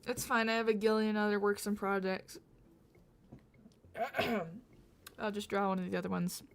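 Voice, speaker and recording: A woman's voice: medium pitch, steady tone, normal speed, gravelly. Rambling young woman with a Southern tinge. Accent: slight Southern US. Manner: rambling, giggly, self-correcting. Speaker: drawing livestreamer. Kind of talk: casual chat while drawing.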